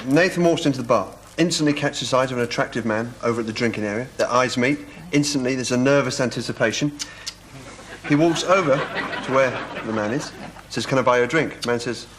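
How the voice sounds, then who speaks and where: A man's voice: mid-range voice, quick pace, fairly bright tone, slight background noise, close to an everyday voice. An actor playing an earnest scriptwriter, reading his scene plainly in a sketch. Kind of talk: sketch comedy acting.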